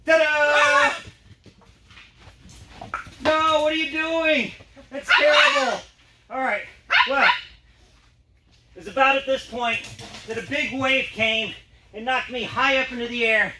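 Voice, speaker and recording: High-voiced guy doing a dog trick show, chatty and goofy, noisy room, far off. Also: reverberant. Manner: playful, animated, chatty with his dogs. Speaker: juggler and dog trick performer. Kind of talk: storytelling to an audience during a show. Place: performance space.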